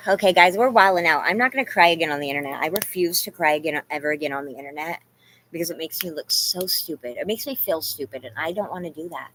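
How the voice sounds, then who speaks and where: A woman with a somewhat low voice rambles through a confessional livestream chat, leaning on "you guys" and "like" as she talks to her viewers. Faint room ambience sits behind her. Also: fast, fairly bright tone, slight background noise. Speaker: vlogger talking to live chat. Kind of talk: emotional casual livestream chat.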